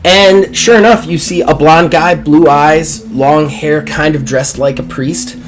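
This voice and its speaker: A man narrating a tabletop game as game master, relaxed and halting. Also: a little high.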